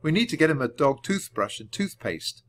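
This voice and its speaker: A man's voice: fairly high pitch, sing-song, moderate pace, pitched above the performer's own voice. A man voicing a careful, bookish young boy in a children's audiobook reading, earnest and sensible.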